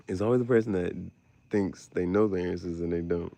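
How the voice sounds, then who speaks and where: A man hosting a casual podcast chat, animated and profane, often jumping into squeaky exclamations. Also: measured pace, pauses often, dry recording. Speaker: podcast host.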